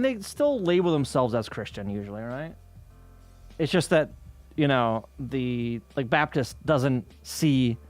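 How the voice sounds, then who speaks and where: Animated, profane man ranting casually. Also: fairly high pitch. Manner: profane, ranting, exasperated storytelling. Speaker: streamer. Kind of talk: casual chat with chat while working.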